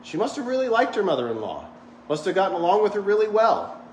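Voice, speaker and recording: A male pastor preaches in a loose, joking, conversational way, his voice sitting a little high for a man. The sound is roomy, echoing through a church sanctuary, with faint ambience underneath. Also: wildly swooping pitch, fast, darkish tone, slight background noise. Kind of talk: sermon. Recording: echoey church hall.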